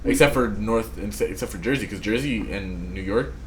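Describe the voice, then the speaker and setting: A man's voice: fairly low pitch, a little fast, a little hiss or hum. A young man from Florida with a Miami accent, co-hosting a casual podcast and asking question after question. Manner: quizzical, keeps asking questions. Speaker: podcast co-host. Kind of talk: casual chat.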